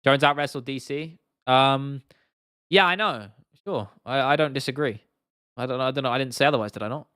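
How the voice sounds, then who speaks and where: A man's voice: medium pitch, fairly quick, clear, resonant tone, dry recording, clean studio sound. Young man chatting on a livestream. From England. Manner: blunt and animated, swears freely, reads out viewer comments. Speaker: livestream host. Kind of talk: casual livestream chat.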